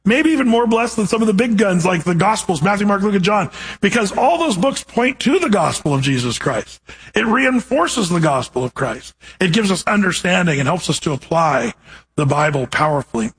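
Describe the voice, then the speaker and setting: Husky-voiced man preaching a sermon. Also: sits high, lively intonation, moderate pace, poor audio. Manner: earnest, asks the congregation direct questions. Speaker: pastor. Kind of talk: verse-by-verse sermon.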